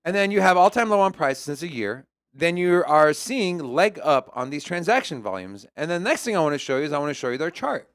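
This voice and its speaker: Guy hosting a crypto stream, kinda high voice, bounces all over, jokey and loose. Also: brisk, hardly any pauses. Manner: joking, animated, teasing banter. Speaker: crypto show host. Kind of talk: casual chat and chart analysis.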